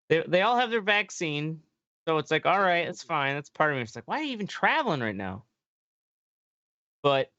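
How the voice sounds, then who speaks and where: A man's voice: high voice, bright, forceful tone, clean tone, no echo, highs cut off. A man hosting a podcast, ranting in a rambling, profane way in casual chat. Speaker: podcast host.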